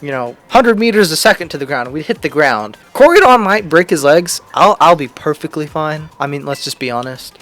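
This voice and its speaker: A man's voice: a little high, lively intonation, fairly quick, few pauses, fairly bright tone, soft background music. A young man giving casual gameplay commentary with joking, rambling asides. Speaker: let's play host.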